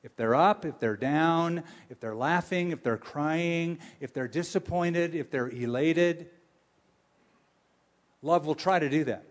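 A male pastor preaching a sermon, with animated, humorous storytelling and questions for his audience. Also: on the high side, slow.

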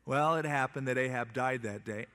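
A man's voice: mid-range voice, moderate pace, pushed and bright, in a large hall. A male preacher teaching from the Bible, reading scripture and retelling it in plain, wry modern terms.

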